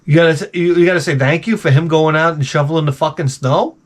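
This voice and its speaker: A man's voice: a little high, steady tone, fast talker. A man ranting sarcastically while giving comedic advice, swearing a lot and sounding exasperated. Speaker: advice vlogger.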